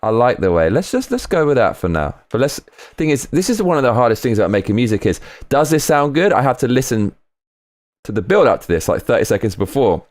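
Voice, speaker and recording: A man streaming live while producing a track, casual and excitable, reading chat aloud and swearing. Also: mid-range voice, a little fast. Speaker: streamer making music live.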